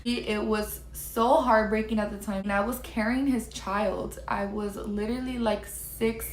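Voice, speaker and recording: A woman's voice: mid-range voice, a little slow. Woman telling a story in a roomy recording. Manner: emphatic, animated, addresses viewers directly. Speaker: storyteller sharing her experience. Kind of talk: casual storytelling to viewers. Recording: roomy recording with faint background hiss.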